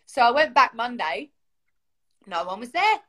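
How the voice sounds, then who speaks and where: An English woman, a singer guesting on a show, telling a story in an animated way and acting out other people's lines. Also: fairly high pitch, unhurried. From England.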